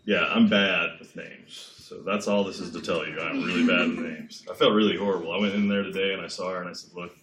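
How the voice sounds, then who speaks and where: Low-voiced man lecturing in echoey classroom. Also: fairly even intonation, a little fast, few pauses, crowd noise. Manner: chatty and digressive, often checking in with "right?".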